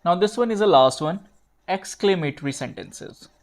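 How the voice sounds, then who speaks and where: A man teaching grammar at a slow pace, repeating himself and correcting his own slips while writing out examples. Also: high-pitched, animated. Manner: slow, repetitive, fillers and self-corrections. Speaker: English teacher.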